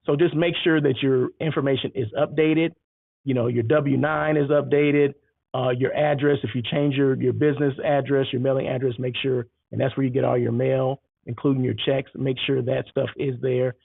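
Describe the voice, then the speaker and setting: A man hosting a casual monologue, telling an animated story and acting out both sides of the exchanges. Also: medium pitch, normal speed, creaky, no echo. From United States. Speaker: host. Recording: tinny phone-like sound.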